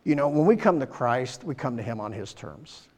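A man's voice: mid-range voice, very animated, normal speed, darkish tone. A man preaching a sermon as pastor, earnest and conversational, with many fillers and restarts. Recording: long hall reverb.

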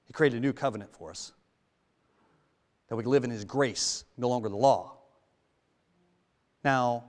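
Man preaching in a reverberant church. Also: medium pitch. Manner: conversational, rhetorical questions, swings from loud to hushed. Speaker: lay preacher. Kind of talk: sermon.

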